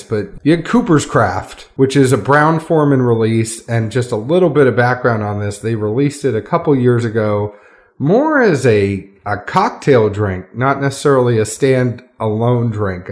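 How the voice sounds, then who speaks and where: A man hosting a casual podcast from a friend's home, upbeat and chatty, laughing often into a studio mic. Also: mid-range voice. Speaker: podcast host. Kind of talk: casual chat. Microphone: studio microphone.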